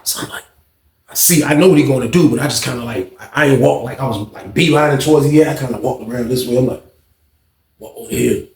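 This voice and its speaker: A man's voice: medium pitch, fast talker, a little mellow. A man telling a story in a casual, slangy way and acting out the scenes with voices. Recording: roomy echo.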